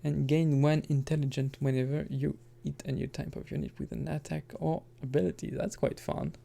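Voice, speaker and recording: A man's voice: on the high side, little pitch movement, moderate pace, creaky, warm tone. A man giving casual let's-play commentary, rambling and correcting himself, with chuckling asides. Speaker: gaming commentator.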